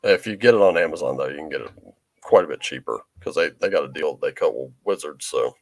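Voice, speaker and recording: A man's voice: a bass voice, animated, quick pace, dry recording. A man co-hosting a podcast, chatting casually, laughing often and swearing freely. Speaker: podcast co-host. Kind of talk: casual chat.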